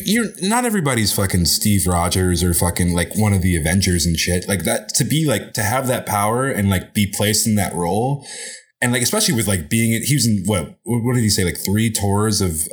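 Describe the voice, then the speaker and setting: A man co-hosting a podcast in casual chat, animated and profane, with lots of filler. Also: on the low side, normal speed, husky. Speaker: podcast co-host.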